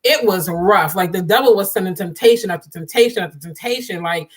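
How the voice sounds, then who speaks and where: A woman's voice: mid-range voice, a little fast, slightly rough. A woman, talking straight to her viewers and laughing often. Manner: animated, laughs often, talks to viewers as y'all. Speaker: livestream host. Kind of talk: casual chat.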